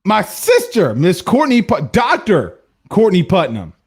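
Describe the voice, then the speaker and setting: Blunt, higher-pitched man hosting sports talk. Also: huge pitch swings, a little slow, slightly rough. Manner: blunt and opinionated, with frequent restarts and laughs. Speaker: sports talk show host. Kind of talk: live-stream sports talk, reading viewer comments.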